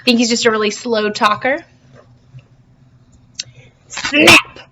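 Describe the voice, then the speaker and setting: A woman's voice: fairly high pitch, expressive, normal speed, very noisy. A woman teacher reading a storybook to her class over video, playful and full of questions for the kids.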